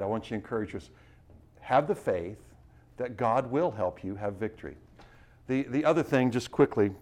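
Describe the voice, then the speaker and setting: A man preaching to a missionary class, urging his listeners with rapid rhetorical questions and frequent restarts. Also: lowish voice. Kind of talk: sermon-style teaching.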